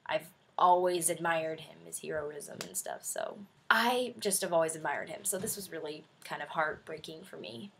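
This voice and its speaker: A woman's voice: low-pitched, moderate pace, vocal fry, few pauses, fairly bright tone, a little hiss or hum. A young adult woman chatting in a casual video review, effusive and rambling with many fillers. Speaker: vlogger.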